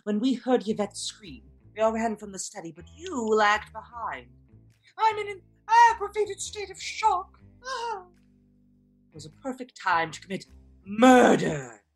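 A woman's voice: mid-range voice, lively intonation, moderate pace, faint music behind. A woman acting as a guest in a stage murder comedy who accuses a suspect dramatically. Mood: accusing.

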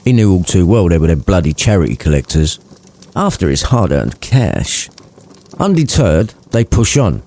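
A man's voice: sits low, sing-song, moderate pace, mellow. A man narrating a crude comic retelling with cheeky asides.

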